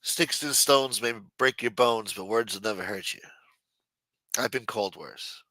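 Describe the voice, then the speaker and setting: Man, livestream host, bright forceful voice, dry close sound, profane jokey banter. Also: fairly low pitch, unhurried, no room sound. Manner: loose, profane, jokey banter reading viewer chats. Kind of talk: casual profane livestream chat.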